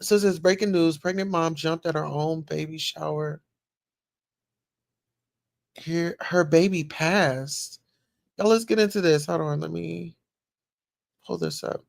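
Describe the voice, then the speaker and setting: A woman's voice: deep voice, measured pace, vocal fry, pauses often, a little mellow, no room sound, clean studio sound. A woman hosting a casual livestream, chatting as she reads news and viewer comments aloud and reacts to them. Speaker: livestream host.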